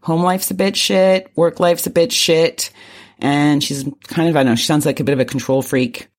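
A woman co-hosting a podcast in casual chat, playful and quick to laugh. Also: low voice, fairly even intonation, darkish tone. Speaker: podcast co-host.

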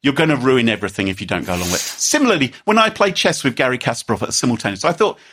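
A man co-hosts a podcast in casual chat. He tells his story in a chatty way and laughs often. His pitch rises and falls a lot, and his voice has a slightly husky edge. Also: sing-song, rapid-fire, a bit bright. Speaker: podcast co-host.

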